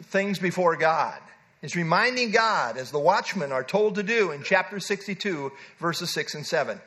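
Bright, high-voiced man preaching. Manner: earnest, emphatic Bible teaching with repeated key words. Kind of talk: expository sermon.

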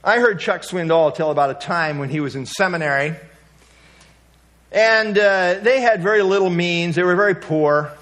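A man preaching as a pastor uses a high, slightly bright voice at normal speed. His storytelling is relaxed and folksy, sprinkled with asides, and he rises with emphasis when he hits the main points.

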